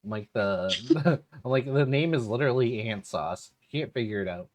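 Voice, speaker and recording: A man's voice: medium pitch, animated, moderate pace, darkish tone, a little hiss or hum. A man hosting a podcast, chatting casually and laid-back, saying "dude" often. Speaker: podcast host. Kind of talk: casual chat.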